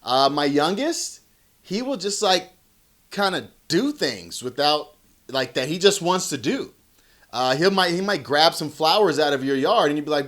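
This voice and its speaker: A man in his thirties talking casually about parenting, relaxed and conversational, acting out quoted lines. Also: a little high, moderate pace. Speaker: parenting vlogger. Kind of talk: casual talk to camera.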